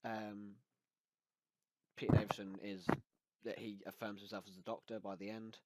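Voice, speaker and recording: A man's voice: fairly low pitch, flat delivery, normal speed, noisy background. A man hosting a casual review chat, hesitant and full of ums, laughing often. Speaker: host.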